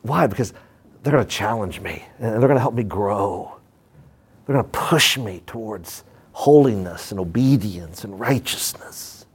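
A man preaching a sermon to his congregation, animated and folksy, jumping between loud bursts and low asides and slipping into quick voices to act out the people he talks about. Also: breathy edge. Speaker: pastor.

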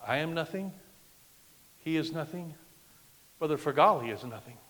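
A middle-aged man preaching a sermon as a guest pastor, emphatic, swinging from loud declarations to hushed lines. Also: on the high side, expressive, normal speed. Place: church sanctuary. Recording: long reverb of a large church hall.

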